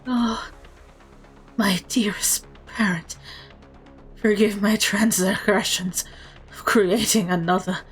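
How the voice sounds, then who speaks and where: A woman voicing a gleeful, menacing male vampire fiend who speaks in an archaic, breathy whisper. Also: medium pitch, fairly even intonation, soft background music, close to an everyday voice. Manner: archaic, creeping, drawn-out.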